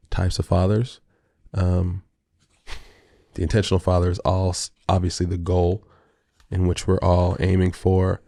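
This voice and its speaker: A man's voice: low voice, mellow, no echo. A middle-aged man hosting a casual solo video diary, talking in a playful, rambling way to himself. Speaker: host.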